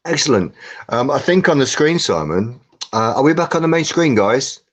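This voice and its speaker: An English man co-hosts a casual live stream from home over a computer mic, joking and laughing often in a slow, chatty delivery. His medium-pitched voice is very animated.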